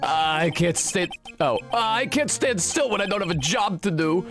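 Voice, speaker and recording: A streamer voicing a jumpy, eager male police detective while reading game dialogue aloud, in a brash and gruff manner. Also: high voice, expressive, normal speed, a bit bright, faint music behind, voice pushed up.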